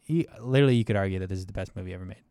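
An excitable young man co-hosting a film podcast, his voice leaping from low mumbles to high, eager bursts. The sound is close and dry, with no room around it. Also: very fast, clear, resonant tone, no room sound. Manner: enthusiastic, animated, swings between mumbled asides and excited bursts. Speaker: podcast co-host. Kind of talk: casual film review chat.

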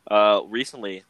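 A man's voice: lowish voice, creaky, fairly bright tone, poor audio. A young man co-hosting a casual podcast chat, rambling with lots of fillers and frequent laughter. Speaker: podcast co-host.

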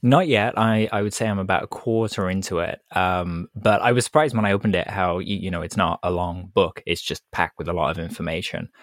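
A man co-hosting a podcast, talking casually in a halting, thoughtful way with stammers and fillers. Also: deep voice, steady tone, dry recording, studio quality. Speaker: podcast co-host.

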